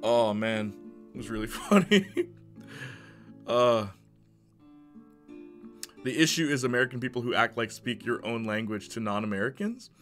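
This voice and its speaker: A man streaming casually, reading chat messages aloud and reacting with quick laughs. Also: mid-range voice, a bit bright, soft background music.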